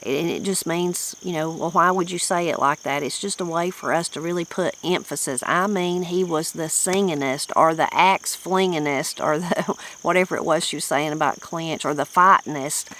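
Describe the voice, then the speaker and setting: A woman's voice: low voice, normal speed, a bit bright, a little hiss or hum, poor audio. A woman with a Southern Appalachian accent, a channel host chatting about a book in a folksy, rambling, reflective way. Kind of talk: casual book-discussion chat.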